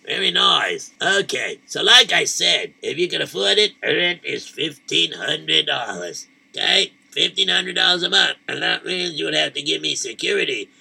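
A man plays a blustering landlord who haggles over rent, with a gravelly, bright voice. He talks in loud, fumbling bursts. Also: fairly high pitch, lively intonation, normal speed, hardly any pauses, full character voice. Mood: pushy. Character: pushy middle-aged male landlord.

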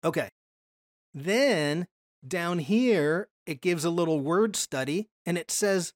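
A Bible study teacher giving a casual lesson from slides, asking questions and answering them, and slowing down to stress key words. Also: medium pitch, expressive, no room sound, clean studio sound. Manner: explains patiently, often asks questions and then answers them.

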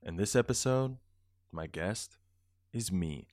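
A man's voice: low-pitched, expressive, slow, pauses often, no echo, studio quality. A stoned man hosting a casual solo podcast, rambling in a laid-back, profane way, with a beat playing underneath. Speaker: podcast host.

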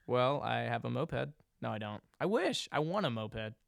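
A man's voice: medium pitch, very animated, moderate pace, gravelly, no room sound, clean studio sound. A man co-hosting a podcast in casual, joking banter. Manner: joking, loud outbursts, goofy voices. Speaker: podcast co-host.

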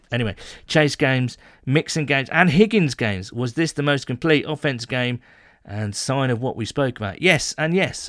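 A UK man hosts a casual fan podcast, reading listener messages and firing back a quick joke after each in a chatty style. His medium-pitched voice is close and dry on the mic, with no echo or room sound.

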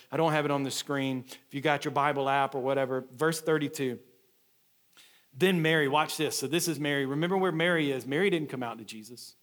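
A man's voice: fairly high pitch, fairly bright tone. A man, a lead pastor, preaching a sermon in a conversational storytelling way, often restarting his phrases.

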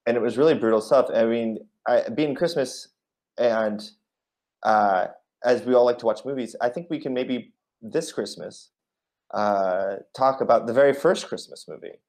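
A man's voice: medium pitch, normal speed, darkish tone. A man co-hosting a comedic chat show, playing along with the bit in mock-earnest asides. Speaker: podcast co-host.

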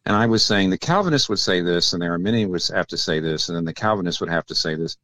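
An older man with a very deep voice explains theological ideas as a radio guest, thinking aloud and often restarting. The sound is dry and close, with no room echo. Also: expressive, fast talker, hardly any pauses, fairly bright tone. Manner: thoughtful, explanatory, with many restarts. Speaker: guest pastor and author.

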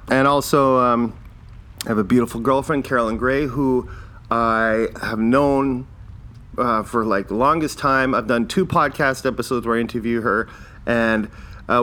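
A fifty-something Canadian man talking solo on his podcast, his pitch sitting right in the middle. He rambles and wanders off track, pokes fun at himself and chuckles at his own jokes. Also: sharp tone. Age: 50s. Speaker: podcast host. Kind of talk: casual solo podcast monologue.

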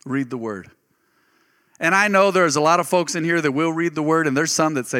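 A man delivers a sermon laced with homespun storytelling, his voice high and bright. He gets animated and jumps upward when excited, and the room carries a long hall reverb behind him. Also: brisk. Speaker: pastor.

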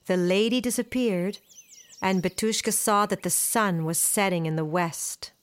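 A woman storyteller telling a folktale aloud in an expressive, animated way. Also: mid-range voice, measured pace, clean tone. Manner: expressive, animated, switches into character voices.

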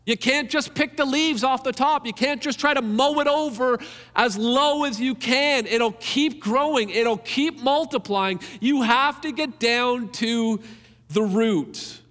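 A man's voice: very high voice, a little slow, a bit bright, long reverb tail. A man preaching a sermon in an earnest, emphatic way, repeating key phrases to drive them home.

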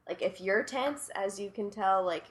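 A woman's voice: mid-range voice, moderate pace. A young woman, a student guest in a casual chat, talking eagerly and searching for words.

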